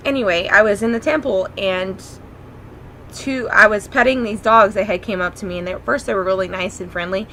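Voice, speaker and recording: Bright-voiced woman telling a rambling story. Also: medium pitch, slight background noise, rough recording. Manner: rambling, filler-heavy, earnest. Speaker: spiritual vlogger. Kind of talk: casual storytelling monologue.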